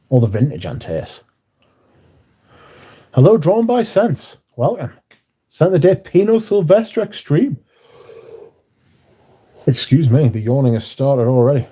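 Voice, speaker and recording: A man's mellow, slightly rough voice sits at medium pitch as he hosts a casual livestream from a bar with wind blowing. Not American, he reads chat messages in a blunt, mouthy way and swears a lot.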